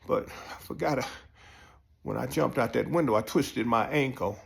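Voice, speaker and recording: A man telling a profane comic story, jumping up high when excited. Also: normal speed, gravelly. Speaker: comedian storyteller. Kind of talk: comic monologue.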